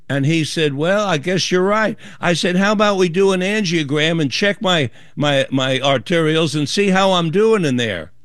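A man's voice: fairly high pitch, no room sound, studio quality. A man telling a story as a guest in an interview, acting out the voices of others in his tale. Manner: animated storyteller acting out dialogue. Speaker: author and guest.

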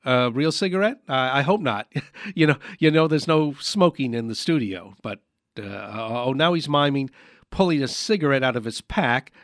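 A man hosting a comic radio sketch, calmly describing aloud what his silent guest is doing. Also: medium pitch, normal speed, no room sound, clean studio sound. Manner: deadpan, describing the action aloud. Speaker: radio host. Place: radio studio.

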